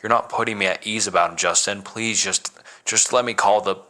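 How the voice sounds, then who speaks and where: A man's voice: lowish voice, steady tone, brisk, bright, forceful tone. A man voicing a frightened young woman in a spoken horror story, stammering and pleading.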